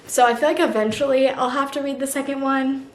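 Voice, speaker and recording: A young woman chatting casually about books in a vlog, gushing and animated, full of slang. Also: high voice, brisk, background noise. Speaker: book vlogger. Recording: echoey room with faint ambience.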